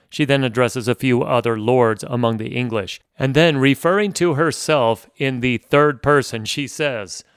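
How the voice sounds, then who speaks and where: A man's voice: medium pitch, moderate pace, hardly any pauses, clear, resonant tone, no echo, clean studio sound. A man hosting a history podcast, telling the story in a conversational way with wry asides.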